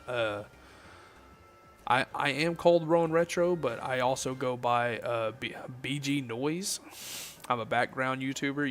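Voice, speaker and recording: A man from the Southern United States with a Southern accent, chatting casually with viewers and cracking jokes on a late-night game stream. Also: medium pitch. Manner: relaxed, joking, chatting with viewers.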